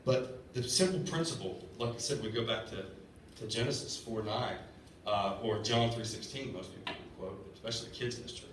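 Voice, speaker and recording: A man's voice: lowish voice, brisk. A man in his thirties giving a sermon as a lay preacher, earnest and conversational, often stammering and repeating words. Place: church sanctuary. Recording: echoey church room from far off, faint hiss. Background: congregation responding.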